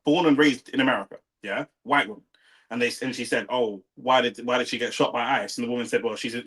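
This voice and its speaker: A man's voice: medium pitch, a bit bright. A man, co-hosting a heated casual debate, arguing hard, repeating himself and cutting in. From England. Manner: argumentative, repeats himself, interrupts.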